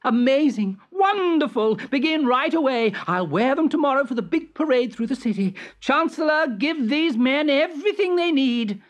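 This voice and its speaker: A reader voicing a shrill, spoiled emperor. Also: lively intonation, normal speed, few pauses. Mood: excited. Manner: shrill, petulant, shouting. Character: vain demanding emperor, man. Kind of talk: storybook reading.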